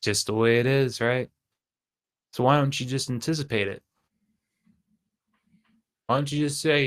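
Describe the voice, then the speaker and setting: Guy on a trading stream talking fast, lots of "right?", mid-pitched voice. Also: smooth. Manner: animated, rhetorical questions, frequent "right?". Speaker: trading channel host. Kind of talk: casual livestream talk.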